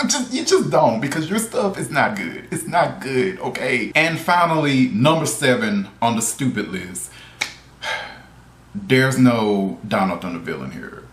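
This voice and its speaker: A man ranting in a video review, exasperated and animated, laughing often as he complains. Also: medium pitch, measured pace, reverberant.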